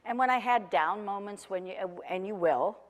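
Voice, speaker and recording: A woman in her forties, once a chef, recounts her own story in a chatty, rambling style laced with self-deprecating humor. Her medium-pitched voice moves at normal speed, trailed by long reverb.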